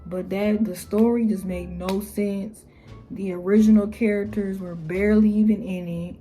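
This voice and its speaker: A young woman talking casually to camera, blunt and exasperated, with slangy phrasing and mocking quotes in a higher voice. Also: fairly even intonation, moderate pace, warm tone, slightly rough, faint music behind. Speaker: YouTuber. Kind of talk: casual opinion vlog.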